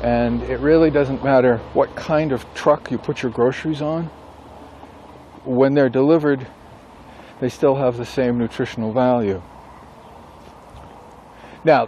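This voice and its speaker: A man who writes books and teaches a class, talking casually and thinking aloud with pauses and self-corrections. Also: mid-range voice, a little mellow, slight background noise. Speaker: author and instructor. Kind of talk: casual rambling monologue.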